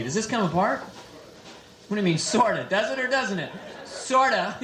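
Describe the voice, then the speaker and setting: Young man, stand-up comic, high voice, playful crowd teasing, echoey nightclub. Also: lively intonation, a little slow. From San Francisco, USA. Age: 20s. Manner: teasing, playful banter with the audience. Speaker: stand-up comedian. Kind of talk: stand-up comedy with crowd work. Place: nightclub with live audience. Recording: echoey club, loud crowd and noise.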